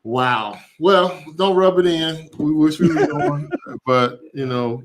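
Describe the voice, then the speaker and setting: A man hosting a podcast in casual chat, easygoing and quick to laugh. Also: a little high. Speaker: podcast host.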